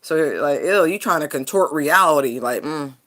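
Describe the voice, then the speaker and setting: A woman's voice: low-pitched, normal speed, a bit bright. A woman giving a casual tarot reading, talking bluntly and frankly and laughing often. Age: adult parent. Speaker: tarot reader.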